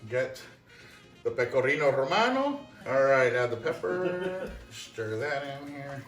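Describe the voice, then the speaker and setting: A man's voice: mid-range voice, sing-song, unhurried, fairly bright tone, soft background music. A man hosting a casual cooking show at home, cracking jokes and laughing often as he works. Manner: jokey, laughs often, self-mocking asides. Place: home kitchen. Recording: roomy kitchen echo, mic far off.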